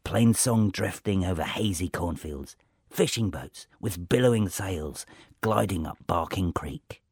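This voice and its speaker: A man narrating a short story in the first person with a lively, storytelling delivery. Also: sits low, measured pace, husky, no echo, clean studio sound. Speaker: story reader. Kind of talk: scripted narration.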